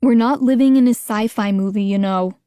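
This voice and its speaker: A woman's voice: on the high side, brisk, dark tone, smooth, no room sound, clean studio sound, lightly acted. A woman voicing a skeptical scientist father in an audiobook, speaking in a matter-of-fact, slightly mocking way. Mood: dismissive.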